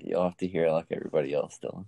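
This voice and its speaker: A young man co-hosting a podcast, chatting laid-back about basketball, slangy and quick to laugh. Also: low voice, steady tone, gravelly, warm tone, no echo, low-quality recording. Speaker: podcast co-host. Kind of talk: casual sports chat.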